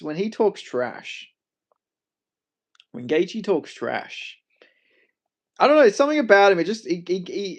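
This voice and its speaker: A young Australian man on a casual livestream, joking, swearing freely and answering his chat. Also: fairly high pitch. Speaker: MMA streamer.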